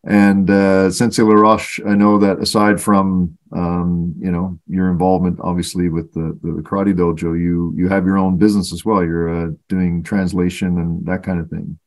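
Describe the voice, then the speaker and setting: A Canadian man hosts a podcast interview in a lowish voice. He asks his questions with a lot of hesitation and filler words. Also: flat delivery, normal speed, few pauses, darkish tone. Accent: Canadian English. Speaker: podcast host.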